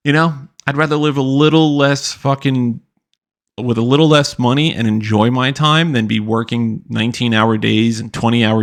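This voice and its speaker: Blunt, profane man with a gravelly voice. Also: mid-range voice. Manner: blunt, profane, mocking impressions. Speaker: podcast host. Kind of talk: profane ranting commentary.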